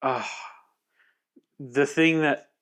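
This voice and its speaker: A man's voice: on the high side, fairly even intonation, very slow, fairly bright tone. A man co-hosting a podcast, speaking casually and thoughtfully in a reflective way. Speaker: podcast co-host.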